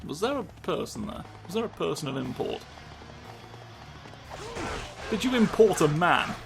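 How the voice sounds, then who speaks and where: A man's voice: fairly high pitch, sing-song, a little fast, creaky. A man giving absurd, rambling comedic commentary while playing a game, swearing often. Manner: absurd, rambling, swears, sudden silly voices. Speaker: gameplay commentator. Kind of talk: comedic let's play commentary. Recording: game music loud behind voice.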